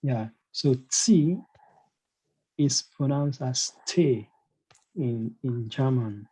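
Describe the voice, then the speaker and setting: Slow, hesitant male language teacher. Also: mid-range voice, fairly even intonation, warm tone, slightly rough, low-quality recording. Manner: hesitant, many fillers and "you know"; asks learners questions, encouraging. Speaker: German teacher. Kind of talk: online language lesson.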